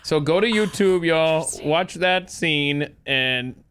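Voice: medium pitch, takes it slowly, fairly bright tone, clean tone. Playful podcast host asking questions. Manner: playful, jokes and laughs along. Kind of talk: casual interview chat.

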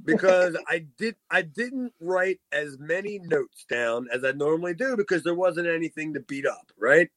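A man's voice: fairly high pitch, lively intonation, moderate pace, few pauses, a bit bright, no echo. A man hosting a casual wrestling review podcast, rambling with restarts and frequent laughs. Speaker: podcast host.

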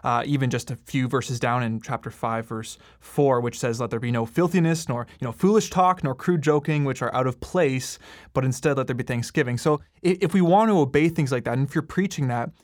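A man hosting a podcast, talking in a friendly, affirming way with quick asides. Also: medium pitch, dry recording, clean studio sound. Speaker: podcast host. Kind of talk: casual podcast conversation.

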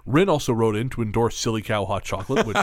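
A man co-hosting a podcast, chatting casually and telling stories in an animated way with quick restarts. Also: fairly low pitch, no room sound. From Canada. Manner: fast, animated storyteller with frequent restarts. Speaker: podcast co-host. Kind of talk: casual chat.

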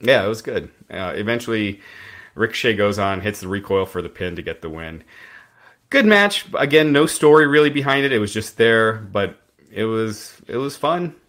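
A man's voice: lowish voice, animated, normal speed, fairly bright tone. A man hosting a casual podcast, recapping events in a rambling way with fillers and restarts. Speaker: podcast host recapping wrestling.

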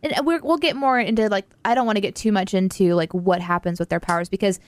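A woman's voice: medium pitch, fast, no echo. A woman co-hosting a casual movie review chat, talking in loose, eager runs full of likes.

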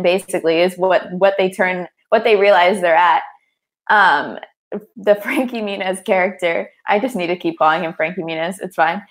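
A young woman co-hosting a podcast who chats and giggles her way through a movie recap, with many fillers. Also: lowish voice. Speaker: podcast co-host. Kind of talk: casual movie recap chat.

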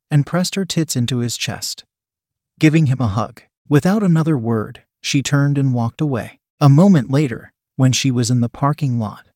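A man reading a written story aloud in a steady narrating manner. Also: medium pitch, dry recording, clean studio sound. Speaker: podcast narrator.

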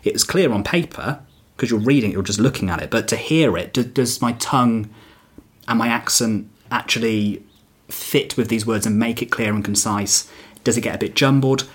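A man's voice: fairly low pitch, moderate pace, breathy edge. A male stand-up comedian in casual podcast chat, talking reflectively with fillers and restarts.

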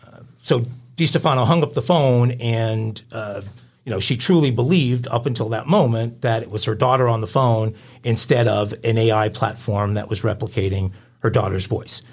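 A man's voice: mid-range voice, breathy edge. A man co-hosting a crime podcast, reading out news stories in a conversational way with frequent ums and uhs. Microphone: podcast studio mic.

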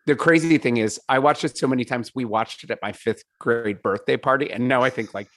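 A man's voice: medium pitch, brisk, few pauses, fairly bright tone, dry recording, clean studio sound. A man telling stories in a casual interview, rambling with lots of fillers, laughing and swearing. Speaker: podcast guest, singer.

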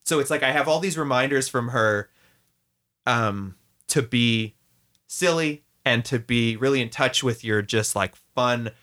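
Bright-voiced man, rambling and reflective. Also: mid-range voice, unhurried. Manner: rambling, reflective, many filler words. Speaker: guest. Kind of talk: casual heartfelt conversation.

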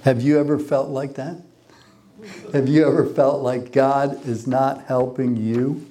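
A man's voice: mid-range voice, level tone, measured pace, dark tone, slight background noise. A man preaching a sermon, who reads scripture aloud, repeats phrases for emphasis and asks the congregation questions.

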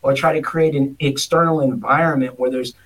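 A man's voice: medium pitch, fairly even intonation, brisk, fairly bright tone, distant mic. A man co-hosting a casual podcast, telling rambling stories with many restarts and acting out other people's lines. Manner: rambling storyteller, acts out others in funny voices. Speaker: podcast co-host. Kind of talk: casual chat.

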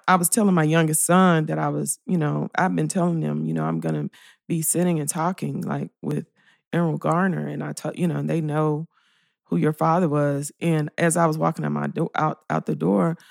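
A woman's voice: sits low, creaky, no echo. A woman hosting an interview podcast, speaking tenderly and directly to her guest. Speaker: podcast host. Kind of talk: heartfelt interview talk.

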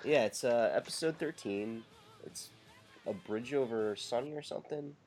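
A man co-hosting a podcast in casual chat, halting and restarting his sentences. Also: mid-range voice, a little mellow, soft background music. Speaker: podcast co-host.

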